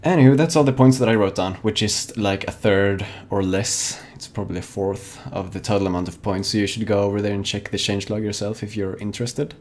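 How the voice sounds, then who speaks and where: A young man co-hosting a live online show, talking in a loose, rambling way, with frequent "like"s and self-corrections. His voice sits on the low side. A faint hiss runs under the home microphone. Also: brisk, hardly any pauses, darkish tone. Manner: rambling, full of "like" and restarts. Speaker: co-host of a fan-made live gaming show. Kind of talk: casual live-show chat.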